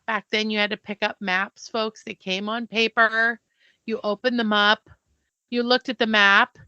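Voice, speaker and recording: A middle-aged American woman co-hosting a podcast, telling stories in a casual, animated way, acting out the people she quotes and often restarting her sentences. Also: on the high side, no echo, lo-fi sound. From United States. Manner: restarts and stumbles mid-sentence. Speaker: podcast co-host. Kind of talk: casual storytelling chat.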